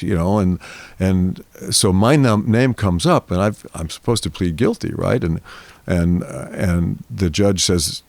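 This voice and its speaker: An older man in his seventies, a guest in an interview, telling a long story in a rambling, animated way and acting out the voices of people in it. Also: low voice, a little slow, gravelly, no room sound. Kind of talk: storytelling in a conversation.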